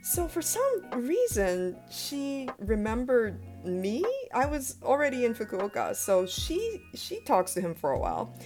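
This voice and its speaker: Radio host lady telling a story, kinda high voice, laughs a lot. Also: unhurried, few pauses, soft background music. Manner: animated storyteller, laughs often. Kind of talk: bilingual casual chat.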